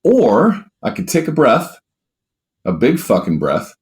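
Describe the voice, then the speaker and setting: A man speaking as a guest coach in an interview, emphatic and animated, who swears now and then and acts out quoted speech in a raised voice. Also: mid-range voice, slow. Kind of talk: conversational interview answers.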